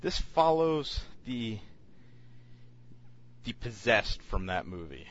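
A man's voice: on the low side, very animated, takes it slowly, a bit bright, highs cut off. A man co-hosting a casual podcast chat, reviewing films in a rambling way with many fillers and restarts.

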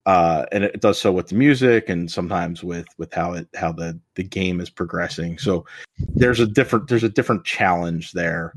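A man's voice: low voice, moderate pace. A man in a casual chat about video games, explaining at length with many fillers and restarts.

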